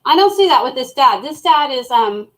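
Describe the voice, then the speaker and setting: A woman's voice: high-pitched, very animated, normal speed, rough recording. A woman co-hosting a live review, casual, blunt and opinionated, swearing freely. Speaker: co-host of a live review show.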